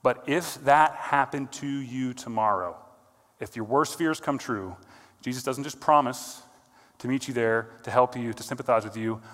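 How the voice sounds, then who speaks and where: A man delivers a sermon from the pulpit at a middle pitch, earnest and direct. He pushes up to emphatic peaks, then falls back almost to a murmur. His voice rings out with a long reverb tail from a church sanctuary. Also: moderate pace, fairly bright tone. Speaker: pastor.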